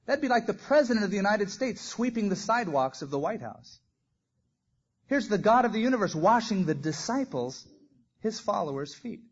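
A man's voice: high voice, sing-song, normal speed, husky. A man preaching a sermon, telling stories with animation and acting out the quoted lines. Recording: dull lo-fi recording.

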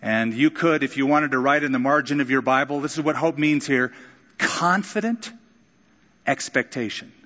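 A pastor preaching a sermon, vivid and expressive, acting out quotes with sudden jumps in pitch. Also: male voice, moderate pace, in a large hall, highs cut off.

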